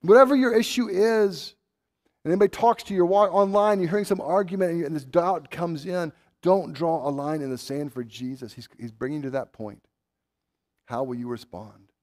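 A man preaching a sermon, swinging from loud urgent pleading to low, quiet intensity. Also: steady tone, normal speed. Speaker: pastor.

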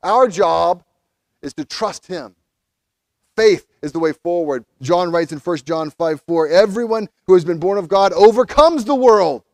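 A pastor preaching a sermon, animated, acting out quoted figures as he goes. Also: high voice, measured pace, dry recording.

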